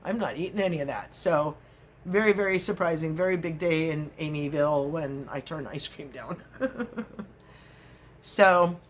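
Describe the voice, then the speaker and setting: A woman's voice: low voice, moderate pace, a little hiss or hum. A middle-aged woman vlogger chatting casually, rambling through stories, laughing often and acting out little scenes. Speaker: crochet vlogger.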